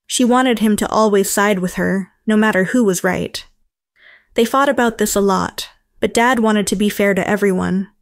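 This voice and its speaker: A woman's voice: mid-range voice, no echo. Woman narrator for a story channel, matter-of-fact, dry close sound. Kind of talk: first-person story narration.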